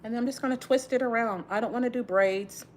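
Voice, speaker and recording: Twisting her braids on a livestream, a middle-aged Texan woman chats casually, sighing often and fighting back tears. She speaks quickly with a fairly high pitch, and there's a little hiss or hum in the audio.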